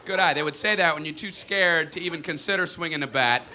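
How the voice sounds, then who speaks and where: A man doing stand-up comedy, telling stories and bursting into shouted voices of other characters. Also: a little high, fairly quick. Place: comedy stage. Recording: live show with crowd laughter and noise.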